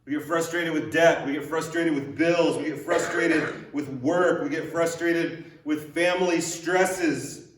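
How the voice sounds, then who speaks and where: A man's voice: fairly high pitch, steady tone, measured pace, slight background noise. A male pastor giving a sermon in a conversational way, using repeated rhetorical questions and light joking. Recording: echoey room, voice picked up from a distance.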